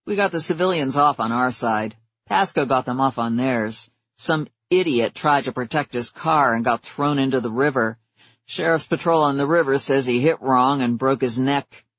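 A man reading a flat, tired cop. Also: medium pitch, moderate pace, no echo, highs cut off, lightly acted. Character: tired, matter-of-fact male police officer.

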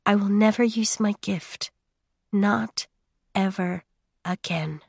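A woman voicing a young princess who is frightened but quietly defiant, speaking softly and with strain. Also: slow, gravelly, slightly rough, no room sound, studio quality, heavily acted. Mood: quiet resolve. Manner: soft, strained, higher-pitched.

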